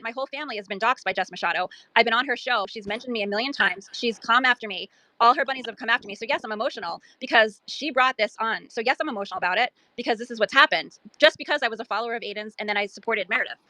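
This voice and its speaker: Caller: woman, fast and insistent, bright tense voice, dry close sound. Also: a little high, no room sound. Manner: emotional, rapid and insistent. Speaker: caller in an audio chat room. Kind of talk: heated personal account.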